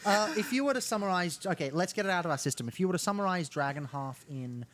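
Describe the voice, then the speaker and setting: Teasing man with a lively higher voice. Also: fast talker. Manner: teasing, dry jokes. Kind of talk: casual chat.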